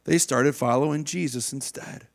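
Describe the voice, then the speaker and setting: A male pastor preaching a sermon in a church, animated and acting out the voices of people in the story. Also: medium pitch, normal speed, creaky. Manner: animated, acts out quoted voices of biblical figures. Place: church stage.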